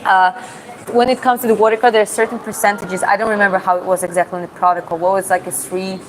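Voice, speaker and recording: A woman chatting casually on a live stream as a fitness coach, talking in halting bursts full of fillers and restarts. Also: medium pitch, flat delivery, poor audio. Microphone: clip-on mic put on mid-stream.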